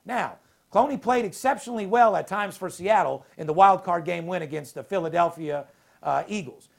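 A man's voice: high-pitched, normal speed, creaky. A man hosting a sports betting podcast, talking brashly and profanely, all hyped up. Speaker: podcast host. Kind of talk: casual sports betting talk.

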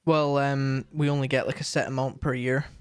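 A man's voice: medium pitch, level tone, a little fast, smooth, no room sound, clean studio sound. A young man chatting casually as a streamer, rambling with lots of fillers and restarts. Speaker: streamer and co-host. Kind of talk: casual chat.

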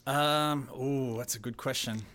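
A man's voice: medium pitch, steady tone, measured pace, a bit bright. A man who works as a theatre carpenter and sound operator, speaking in a casual interview with many fillers and restarts. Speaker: theatre technical director and carpenter.

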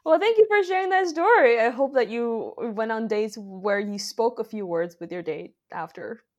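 A woman co-hosting a casual podcast, blunt and quick to swear, reacting to stories. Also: fairly high pitch, expressive, lo-fi sound, noisy background. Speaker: podcast co-host. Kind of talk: casual chat.

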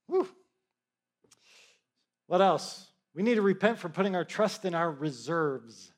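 A man's voice: sits high, expressive, a little slow. A middle-aged male preacher giving a conversational sermon, with joking asides and frequent check-ins with his listeners.

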